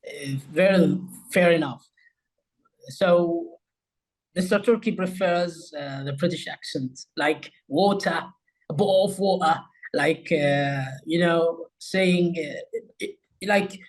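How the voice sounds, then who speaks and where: A man whose first language is Arabic hosts a talk explaining English accents, often calling viewers "guys" and repeating phrases. His voice is a little high and his pace slow, on a rough recording.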